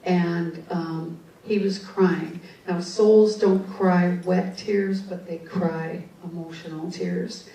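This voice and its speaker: A woman's voice: fairly low pitch, fairly even intonation, takes it slowly, hardly any pauses, warm tone. A woman giving a storytelling talk to an audience as a psychic speaker, chatting freely with frequent asides and restarts. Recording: distant echoey hall mic.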